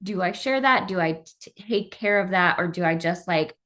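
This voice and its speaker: A woman's voice: fairly low pitch, moderate pace, bright, forceful tone. A woman co-hosting a workplace podcast, talking reflectively and thinking aloud as she explains. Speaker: podcast co-host. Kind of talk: casual podcast discussion.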